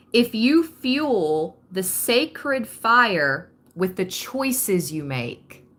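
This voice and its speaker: A woman giving a spiritual card reading. She reads the messages slowly and with emphasis, then slips into casual asides. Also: mid-range voice, fairly bright tone. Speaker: tarot reader.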